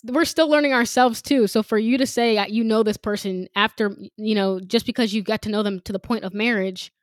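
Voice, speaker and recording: A woman co-hosting a podcast, sharing her thoughts in a relaxed, reflective way and working out her ideas as she speaks. Her voice is mid-pitched and sounds dry and close, with no room echo. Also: fairly quick. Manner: reflective, thinks aloud with light laughs. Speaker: podcast co-host. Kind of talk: casual chat.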